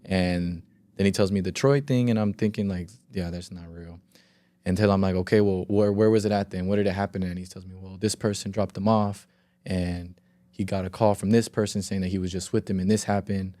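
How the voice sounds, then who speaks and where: Young man, podcast guest, lowish mellow voice, dry close sound; rambling casual storyteller who swears freely. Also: fairly even intonation, a little fast, dry recording. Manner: rambling, heavy filler words and reenacted quotes. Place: podcast studio.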